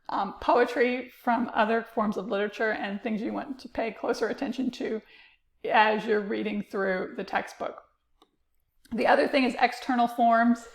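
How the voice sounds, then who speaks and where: Lady teacher explaining stuff, lots of ums, bit of vocal fry, roomy echo. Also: on the high side. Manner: explanatory, many fillers like uh and um. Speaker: literature teacher. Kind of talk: recorded lecture.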